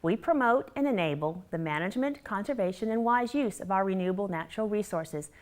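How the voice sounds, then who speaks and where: A woman's voice: medium pitch, animated, brisk. A woman in a mid-range voice hosting a university program, opening the show and introducing her guest. She asks friendly, leading questions and keeps the talk moving with short affirmations. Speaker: host.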